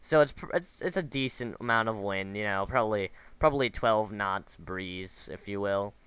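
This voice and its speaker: A man's voice: lowish voice, normal speed, a bit bright, smooth, dry recording. A man giving casual, rambling commentary over a video game, drifting into side stories with lots of fillers and restarts. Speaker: gameplay commentator.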